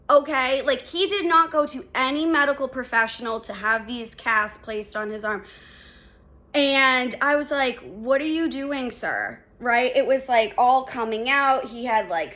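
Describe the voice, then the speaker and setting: Podcast host, young woman, bright and a bit high, casual storyteller who swears and says "like" a lot. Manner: animated, swearing, lots of "like" fillers.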